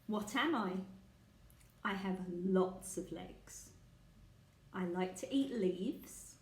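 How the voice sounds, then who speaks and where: A woman with a medium-pitched voice draws out her words as she patiently leads a guessing game for young children, asking the listener questions like a children's teacher. The room is echoey.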